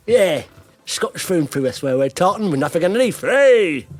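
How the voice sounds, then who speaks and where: A man hosting a casual podcast, animated and teasing, talking in fits and starts. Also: sits high, normal speed. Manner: animated, teasing, self-interrupting. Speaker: podcast host.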